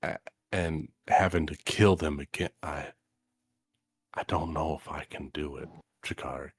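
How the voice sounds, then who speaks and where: A man voicing a grieving adventurer in a tabletop role-play, halting and stammering with emotion. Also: extremely low pitch, fairly even intonation, creaky, a little hiss or hum, exaggerated voice. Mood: anguished. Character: grieving adventurer torn over undead friends.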